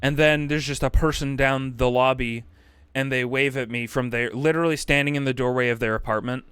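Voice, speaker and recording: A man's voice: mid-range voice, fairly even intonation, brisk, a bit bright, clear, resonant tone, no echo. A man streaming, telling a rambling, profane anecdote in casual chat and acting out quotes. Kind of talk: casual storytelling on a livestream.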